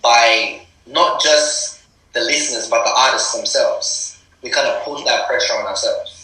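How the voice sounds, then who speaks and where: A man's voice: medium pitch, a little slow, sharp tone, recorded from a distance. A young Australian man, a rapper, talking earnestly in a casual interview, repeating words to stress his points. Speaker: rapper guest. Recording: roomy sound from off-mic.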